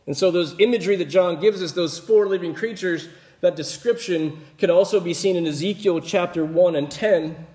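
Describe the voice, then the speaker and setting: A man giving a relaxed, conversational Bible teaching, explaining as he goes and often checking in with his listeners with a quick "right?". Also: high-pitched. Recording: roomy echoey room.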